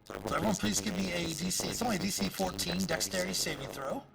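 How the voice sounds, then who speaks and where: A man running a live tabletop game as dungeon master, halting and full of fillers. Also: sits high, vocal fry, a loud crowd.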